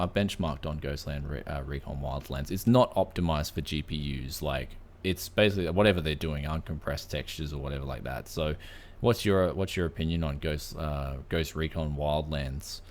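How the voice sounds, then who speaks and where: Deep-voiced Australian podcast host. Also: male voice, lively intonation, moderate pace. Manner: laid-back, says "man" often, many fillers. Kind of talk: casual tech podcast chat.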